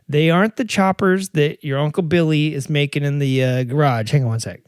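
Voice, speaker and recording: Brisk, smooth and steady in tone, this man's voice sits on the high side and leaves few pauses. He is a middle-aged podcast host delivering a loose, rambling solo talk full of jokes, self-mockery, fillers and restarts, recorded cleanly in a studio with no echo.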